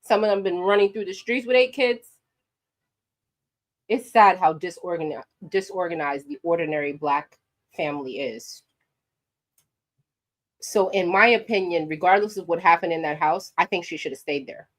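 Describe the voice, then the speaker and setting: Her voice is on the low side; she speaks at normal speed but leaves long pauses. The sassy, animated New York vlogger gives her opinion directly to viewers on camera.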